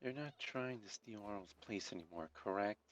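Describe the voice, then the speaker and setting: A man's voice: fairly low pitch, normal speed, faint music behind, natural voice. A man reading the part of a wary, overly formal young girl, asking stiff, textbook-like questions. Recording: dull lo-fi mic.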